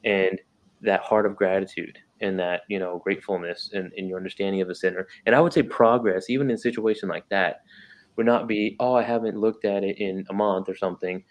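A man's voice: deep voice, steady tone, brisk. A man talking earnestly in a casual faith discussion, restarting sentences and firing off rhetorical questions.

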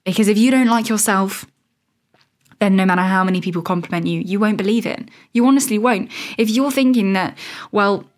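A woman's voice: medium pitch, a little fast. A woman in her thirties hosting a casual solo podcast, chatty and rambling, laughing at her own tangents. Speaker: podcast host.

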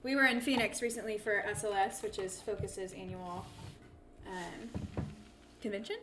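A woman's voice: mid-range voice, steady tone, moderate pace, background noise. A young woman co-hosting a podcast in casual chat, chatty and giggly, with frequent fillers. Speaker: podcast co-host.

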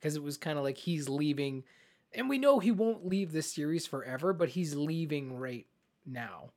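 A man co-hosting a casual film podcast, excitable and animated, often acting out scenes as he talks. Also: a little high, moderate pace. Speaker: podcast co-host. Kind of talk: casual film review chat.

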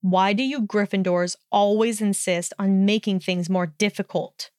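A woman reading the part of a hostile young man, snide and contemptuous, with a smooth, dry voice. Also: mid-range voice, fairly even intonation, unhurried, a little mellow, no echo, close to an everyday voice. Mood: snarling. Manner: snarling, contemptuous, swearing.

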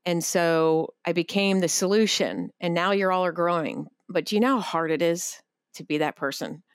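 A woman's voice: fairly low pitch, normal speed, smooth, no room sound, studio quality. A woman co-hosting a casual podcast, talking candidly and bluntly, with some casual swearing.

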